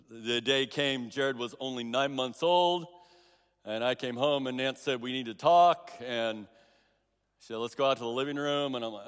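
A man's voice: medium pitch, fairly bright tone. A middle-aged man preaching a sermon, telling stories with restarts and emphatic repeats. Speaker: pastor. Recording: long reverb of a large hall.

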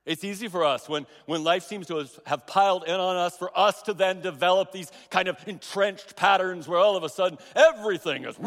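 His high, slightly bright voice, touched with vocal fry, fills a large hall with long reverb as this middle-aged pastor delivers a sermon at a normal speed. He tells a story, circling back and repeating phrases to drive his points home.

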